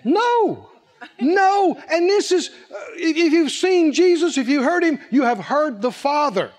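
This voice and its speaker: A man with a very high voice preaches a sermon at a moderate pace, animated and humorous. He laughs often and calls out to the congregation.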